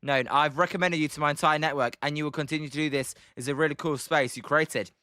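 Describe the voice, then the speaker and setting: British male streamer, casual play-by-play, bright, slightly high voice, dry close sound, filler-heavy. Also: steady tone, quick pace, smooth, no echo. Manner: chatty, many ums, reads chat aloud. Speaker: livestream host doing play-by-play. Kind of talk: casual live commentary with chat replies.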